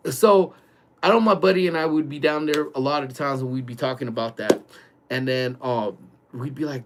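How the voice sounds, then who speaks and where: A man vlogging from his workplace early in the morning, telling a ghost story in a loose, animated way full of "like" and "dude". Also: medium pitch, normal speed, slight background noise. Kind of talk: casual storytelling.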